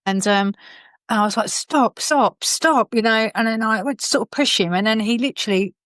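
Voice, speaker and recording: A woman's voice: mid-range voice, steady tone, fast, fairly bright tone, no room sound. Woman telling a painful story. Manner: rambling, many fillers and restarts. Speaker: podcast guest. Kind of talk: emotional personal storytelling.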